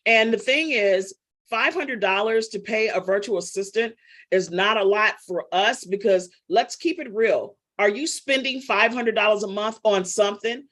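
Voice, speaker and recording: A woman's voice: mid-range voice, normal speed, fairly bright tone. A middle-aged woman business coach teaching a live online class, chatty and teasing as she calls on students by name.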